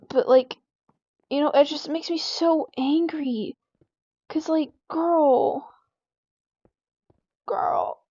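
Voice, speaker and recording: A high-pitched teenage girl rambles through an exasperated vent session while she plays a game. Her words come packed with "like" fillers. The sound is dry and a bit dull, as if recorded on a lo-fi home mic. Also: unhurried, pauses often, mellow, dry recording. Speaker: gaming vlogger. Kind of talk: casual venting while playing a game.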